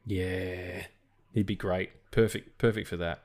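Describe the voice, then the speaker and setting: A man's voice: low-pitched, steady tone, a little slow, a little mellow. A man co-hosting a film podcast, talking in a rambling, casual way, full of restarts and swearing. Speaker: podcast co-host. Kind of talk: casual chat.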